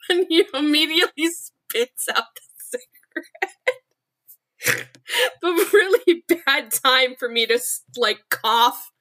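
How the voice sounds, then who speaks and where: A young woman on a casual livestream, reading her own story in a bright, forward voice. She often stops to giggle, curse and make remarks about her own writing before diving back into the narration. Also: sits high, lively intonation, takes it slowly, pauses often.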